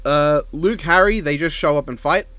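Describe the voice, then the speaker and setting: A man co-hosting a casual podcast chat, animated and joking, with quick asides. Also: a little high, a little hiss or hum. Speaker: co-host.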